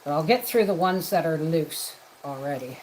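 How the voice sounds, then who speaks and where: Her low, darkish voice is animated, and she speaks at a normal speed while hosting a homestead livestream in her home kitchen. She chats casually as she cooks and calls out viewers by name. The low-quality recording carries slight background noise.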